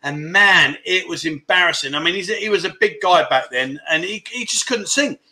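A man's voice: high voice, lively intonation, moderate pace, sharp tone. A middle-aged man hosting a casual livestream chat show, joking, teasing viewers and reading out their comments. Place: home in Pattaya.

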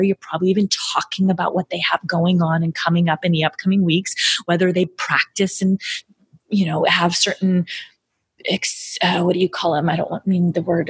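Husky-voiced woman coaching sales. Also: fairly low pitch, no echo, clean studio sound. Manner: energetic, emphatic, acts out sample lines to clients.

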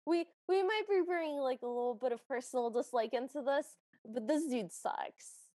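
A woman's voice: sits high, normal speed, mellow, no echo, studio quality. A woman co-hosting a podcast, chatting casually and reacting with wry asides. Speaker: podcast co-host. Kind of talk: casual chat.

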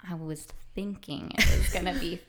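A woman guest on a podcast, telling a light story in a casual chat. She is relaxed, laughs mid-sentence and says "like" often. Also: fairly low pitch, moderate pace. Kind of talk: casual chat among friends.

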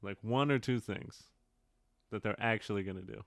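A man co-hosting a podcast in casual chat, talking in a measured, explanatory, easygoing way on a close mic. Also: lowish voice, vocal fry, no room sound. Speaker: podcast co-host.

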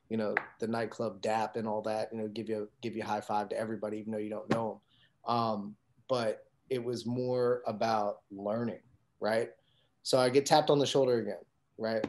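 A man's voice: lowish voice, fairly even intonation, fairly quick, darkish tone, slight background noise. A man telling a story in casual conversation, acting out quoted dialogue with lots of fillers. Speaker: guest telling his career story.

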